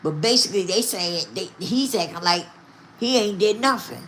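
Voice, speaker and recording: A woman's voice: medium pitch, expressive, normal speed, a little hiss or hum. Emphatic older woman chatting to viewers. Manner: emphatic, repeats herself, talks straight to viewers. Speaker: vlogger. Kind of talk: casual chat to viewers.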